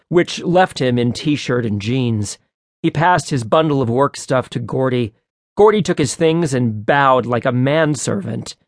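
A man reading an audiobook aloud with a brisk, wry storytelling delivery. His voice sits at a middle pitch and is recorded close and dry, with no room echo. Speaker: audiobook narrator. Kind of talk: scripted audiobook narration. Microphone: close studio mic.

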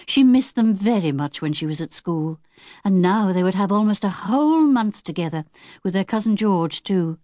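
A woman narrating a children's audiobook in a clear, expressive storytelling manner. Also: medium pitch, normal speed, dry recording, studio quality. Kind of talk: scripted narration.

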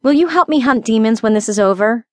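A woman's voice: a little high, lively intonation, fast, darkish tone, no echo, pitched above the performer's own voice, lightly acted. A woman voicing a frank, guarded half-demon succubus heroine in an audiobook. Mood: wary. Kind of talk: audiobook character voice.

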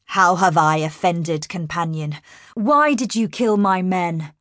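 A woman's voice: fairly low pitch, slow, a bit bright, dry recording, studio quality. A woman narrator voicing a bearded male slave master who speaks gutturally, resentful and curt. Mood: defiant.

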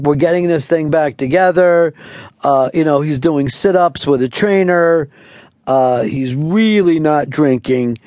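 A man's voice: a little high, dry recording, studio quality. A man hosting a radio talk show in casual, brash and profane banter, laughing easily.

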